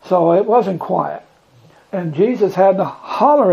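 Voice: mid-range voice, lively intonation, unhurried, creaky, muffled recording. A Bible study leader teaching in a loose, folksy way, chuckling often and acting out scripture lines in bigger voices.

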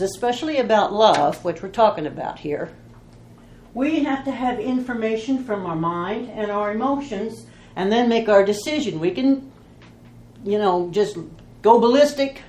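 A woman's voice: medium pitch, darkish tone, echoey room. A woman teaching a Bible study in an informal, folksy way, telling stories and asking rhetorical questions.

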